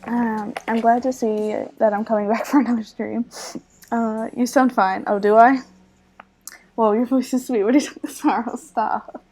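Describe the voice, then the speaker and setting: Groggy, creaky-voiced woman streamer. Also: a little high, moderate pace. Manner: relaxed and chatty, often laughing and trailing off while focused on drawing. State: slightly scratchy, groggy voice. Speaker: art streamer. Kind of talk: casual chat while drawing on a live stream.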